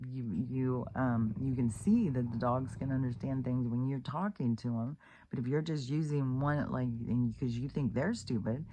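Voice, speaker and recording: A woman's voice: rumbling low, dark tone, breathy edge. Woman ranting profanely in a casual vlog. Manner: rambling, profane, many fillers and restarts; incredulous, exclaiming in disbelief. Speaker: vlogger. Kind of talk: casual spoken rant.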